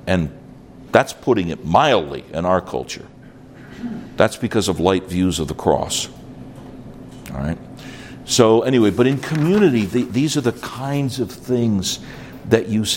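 An older man from New York preaching at a conference, animated, acting out little dialogues and dropping in asides. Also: lowish voice, slight background noise. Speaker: conference speaker. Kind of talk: conference sermon.

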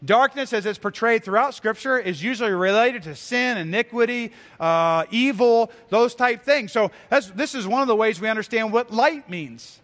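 High-voiced man preaching in a hall. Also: moderate pace, hardly any pauses, a bit bright. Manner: earnest, emphatic preaching with repeated phrases. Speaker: pastor. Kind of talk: sermon.

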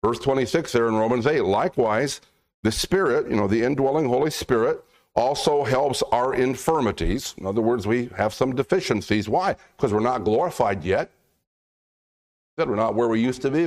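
A man preaching a sermon in a casual, conversational way. He slows down to read scripture and puts on voices for the dialogue in the story. His voice sits at an ordinary middle pitch for a man. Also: expressive, a little mellow. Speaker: pastor.

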